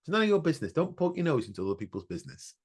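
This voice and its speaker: A man's voice: on the high side, sing-song, very fast, darkish tone, slightly rough. A man co-hosting a podcast, telling a personal story in an earnest, reflective way with many restarts. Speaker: podcast co-host. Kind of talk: emotional casual chat.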